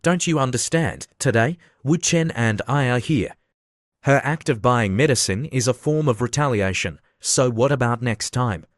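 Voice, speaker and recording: A man voicing a calm, persuasive young woman. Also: medium pitch, normal speed, no echo, studio quality, lightly acted. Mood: persuading. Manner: calm, reasoning, lecturing.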